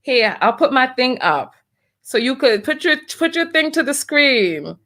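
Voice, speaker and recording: A woman's voice: sits high, big pitch swings, measured pace, fairly bright tone. A woman hosting a casual livestream, reading donations aloud, laughing often and exclaiming "oh my Lord" and "have mercy.". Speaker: livestream host.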